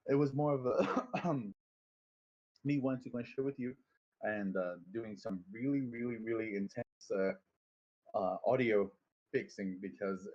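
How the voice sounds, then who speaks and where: A man's voice: medium pitch, measured pace, darkish tone, lo-fi sound. A man casually teaching voice acting on a stream, rambling, swearing freely and poking fun at himself. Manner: rambling, profane, self-deprecating.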